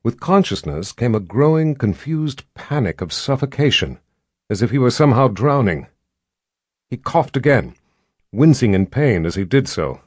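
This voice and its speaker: A man narrating a fantasy audiobook with measured, dramatic pacing and drawn-out pauses. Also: medium pitch, big pitch swings, husky, dry recording, studio quality.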